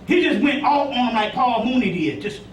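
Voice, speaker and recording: A man with a very high voice talks to an audience in loose, rambling style, swearing freely and often checking "you see what I'm saying". He is heard from some distance in an echoey room with faint noise behind him. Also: expressive, moderate pace. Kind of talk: informal lecture to an audience.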